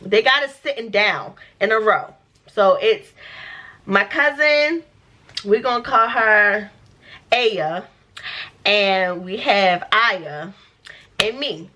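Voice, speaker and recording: A woman telling a storytime vlog in a casual, profane, animated way, acting out the dialogue as she goes. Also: mid-range voice, slow, pauses often. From United States. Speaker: vlogger.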